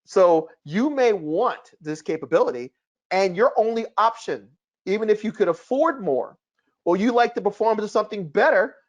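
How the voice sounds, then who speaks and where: A man hosting a casual chat, explaining things in an emphatic, animated way. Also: sits high, normal speed. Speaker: projector reviewer, host. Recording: lo-fi, dull sound.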